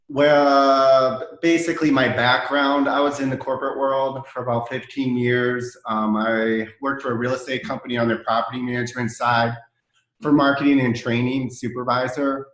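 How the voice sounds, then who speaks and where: A man's voice: medium pitch, a bit bright. A man talks as a guest on a webinar. He speaks in a casual, hesitant way full of kindas and ums. His call audio sounds roomy and echoey. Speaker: franchise owner guest. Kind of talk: webinar interview.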